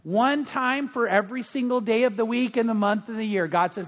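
A man's voice: very high voice, fairly quick, big-room sound. A middle-aged male pastor giving a sermon, telling stories in a chatty way with many fillers. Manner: anecdotal storytelling with frequent fillers.

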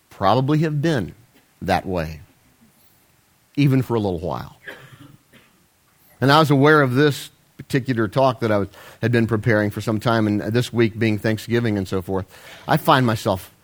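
Man, 50s, pastor; folksy sermon delivery, rambling and self-deprecating, mid-pitched.

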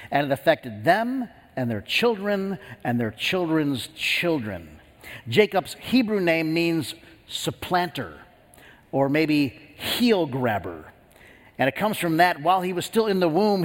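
A man's voice: on the high side, big-room sound. A man preaching a sermon, earnest and storytelling, with frequent restarts. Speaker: pastor.

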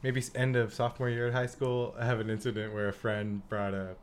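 A man's voice: medium pitch, completely flat delivery, brisk, a little hiss or hum. A young man co-hosting a podcast, telling rambling stories in casual chat with lots of fillers. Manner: rambling storyteller, frequent fillers and laughter. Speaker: podcast co-host.

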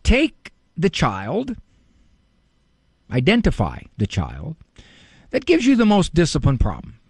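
A man's voice: on the high side, takes it slowly, slightly rough, dry recording. Radio psychologist guy, joking around, voice jumps all over, dry close mic. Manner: wry, joking, animated, with playful word games. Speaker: radio talk show host, psychologist. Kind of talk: casual radio monologue. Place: radio studio.

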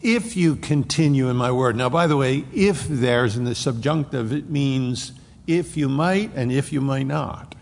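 A man's voice: mid-range voice, unhurried, vocal fry. A male pastor preaching an expository sermon, explaining scripture verse by verse. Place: church sanctuary. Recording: reverberant hall with faint noise.

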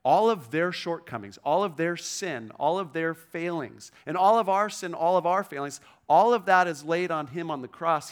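A man's voice: fairly high pitch, clear, resonant tone. Man preaching a conversational sermon. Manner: conversational preaching, frequent "okay?" check-ins, quoting scripture with emphasis. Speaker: pastor.

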